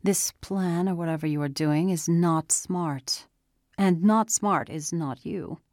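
A woman reading a calm, questioning teenage boy. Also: lowish voice, no room sound, clean studio sound. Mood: pressing. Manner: questioning, measured, gently pressing. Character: calm, probing teenage boy, a caring friend.

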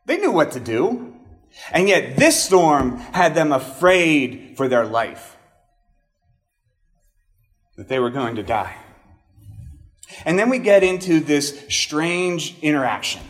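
A male pastor giving a conversational sermon, chatty, with casual asides and animated emphasis. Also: sits high.

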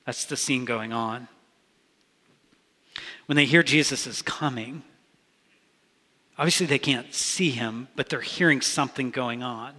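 A man's voice: medium pitch, measured pace, long pauses, pushed and bright. A man preaching a sermon as pastor, talking in an earnest, conversational way with frequent restarts. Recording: long reverb of a large hall.

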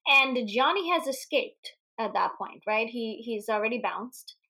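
High-voiced, giggly woman ranting about a movie. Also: a little slow, creaky. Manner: giggly, animated, swears freely. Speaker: podcast co-host. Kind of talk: casual movie discussion.

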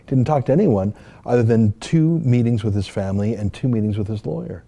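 A man's voice: on the low side, a little fast, warm tone. A man from Canada hosting and giving an opinionated, indignant commentary, with rhetorical questions. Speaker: host and commentator.

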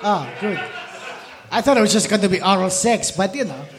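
A man co-hosting a podcast, excitable and stammering in casual banter. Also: high voice, fairly quick, noisy background. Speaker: podcast co-host.

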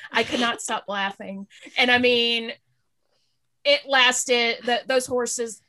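A middle-aged woman in casual chat, telling a story with halting restarts and giggles. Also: a little high, little pitch movement, sharp tone.

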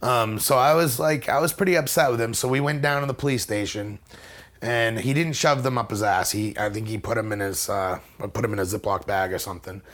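A man's voice: lowish voice, fairly quick, a bit bright. Rambling, wry man telling a story. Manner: rambling, wry and self-mocking, with many fillers and restarts; acts out other people's lines in a raised voice. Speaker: interview guest. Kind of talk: casual conversational storytelling.

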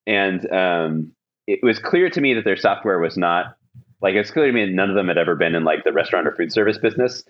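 A very low-pitched man spins a long, rambling story on a podcast, full of "um"s, "like"s and false starts. The sound is a little dull and lo-fi, and the mood stays casual and chatty. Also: lively intonation, fairly quick. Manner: rambling anecdotal telling with many fillers and restarts. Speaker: podcast host.

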